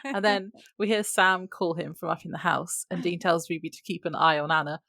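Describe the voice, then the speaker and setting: A woman co-hosting a podcast, recapping a TV episode in a relaxed, easygoing way. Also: fairly low pitch, fairly quick, vocal fry, no room sound, clean studio sound. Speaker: podcast co-host.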